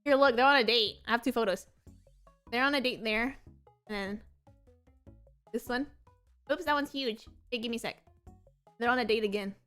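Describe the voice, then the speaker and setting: A young woman chatting on a casual stream, excitable and rambling, with many "like"s. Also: on the high side, normal speed, long pauses, soft background music. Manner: excitable, rambling, heavy use of "like". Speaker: VTuber streamer.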